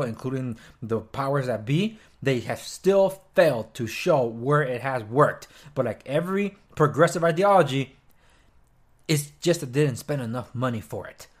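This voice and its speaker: Speaking at a moderate pace, a young man rants about the news on his own podcast in a loose, opinionated way. He gets animated enough for his pitch to shoot up, slips in sarcastic mock-quote asides, uses plenty of fillers, and occasionally chews mid-sentence.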